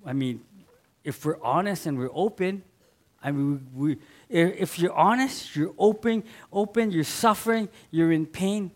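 A man preaching a sermon in an earnest way, rising to loud emphatic readings and dropping to soft asides. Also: a little high, measured pace.

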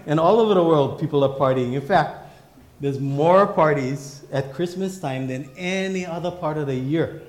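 A pastor preaching a sermon in emphatic, repeating refrains. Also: male voice, a little high, darkish tone, reverberant.

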